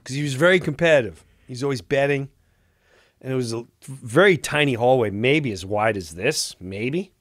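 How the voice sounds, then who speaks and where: A male comedian telling a story in an animated, profane way, acting out the other people's voices. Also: medium pitch, normal speed, dry recording, clean studio sound. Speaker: comedian guest.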